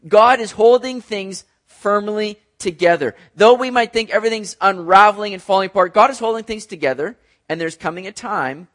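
A male pastor delivering a sermon in a casual, conversational manner, speaking directly to his listeners. His voice sits high, and he drops into playful voices when he tells a story. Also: a bit bright. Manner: conversational preaching, addresses listeners as guys; acts out voices in an illustrative story.

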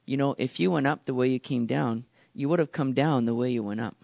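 A man's voice: mid-range voice, a little fast, vocal fry, dry recording, highs cut off, pitched below the performer's own voice, natural voice. A man voicing an old woman with a dry, knowing remark, in a sermon. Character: wise old woman in a church pew.

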